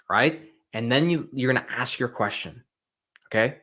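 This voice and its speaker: A man's voice: medium pitch, expressive, normal speed, fairly bright tone. A man explains sales tactics in a casual, emphatic way, often checking in with "right?" and "okay?". He acts out little scenes as he talks, moving around the room, so his voice drifts a bit as he goes. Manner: emphatic, demonstrates with role-play, frequent "right?" and "okay?". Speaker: medical sales coach. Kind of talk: casual instructional talk.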